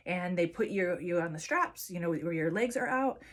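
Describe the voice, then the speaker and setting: A woman's voice: on the low side, lively intonation, moderate pace. A woman vlogger chatting casually to camera and telling a personal story with lots of fillers and restarts.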